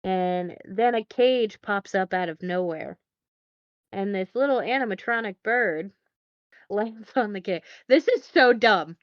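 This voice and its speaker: A female podcast co-host recaps a film casually, rambling along with lots of fillers and dry, wry asides. Her mid-range voice moves at a measured pace, with no echo and the highs cut off.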